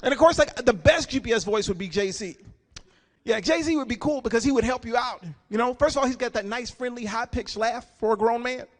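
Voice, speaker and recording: A man's voice: very high-pitched, a little fast. A man doing a live stand-up set at a gala, casual and chatty, repeating words as he goes. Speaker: stand-up comedian. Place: gala banquet hall with an audience.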